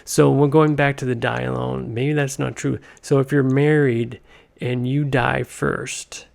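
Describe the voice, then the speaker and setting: A man hosting a comedy podcast, talking in a meandering, deadpan monologue full of tangents. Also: mid-range voice, a little slow, creaky. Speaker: podcast host.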